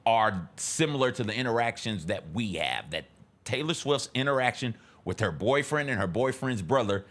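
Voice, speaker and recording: A man co-hosting a talk show, speaking thoughtfully and measured in casual chat. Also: medium pitch, lively intonation, fairly bright tone. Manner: thoughtful, measured, repeats words. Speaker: co-host.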